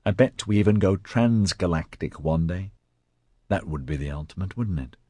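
A man's voice: low-pitched, animated, normal speed, warm tone, no room sound. Male narrator doing an eager young dad. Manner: enthusiastic, earnest. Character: young husband and father, eager dreamer.

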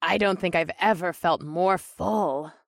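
A man's voice: sits high, a little slow, creaky, fairly bright tone, no echo, pitched above the performer's own voice, exaggerated voice. Man putting on a fierce young warrior woman, blunt, raised voice, dry sound. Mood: contented. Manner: blunt, casual.

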